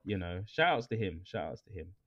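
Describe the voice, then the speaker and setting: A man with an English accent, co-hosting a casual chat podcast, animated and jokey, repeating his phrases for effect. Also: deep voice, fairly quick. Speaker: podcast co-host. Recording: dull lo-fi sound.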